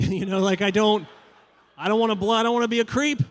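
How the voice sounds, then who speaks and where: A man doing animated stand-up comedy as host of a live show on a handheld mic. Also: quick pace, faint music behind. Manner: animated, jumps to high shouts in quoted asides.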